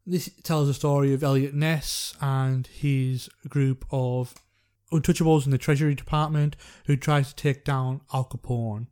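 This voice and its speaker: Mellow-voiced relaxed podcast host. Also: mid-range voice, a little slow, few pauses, clear, resonant tone. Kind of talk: casual film podcast chat.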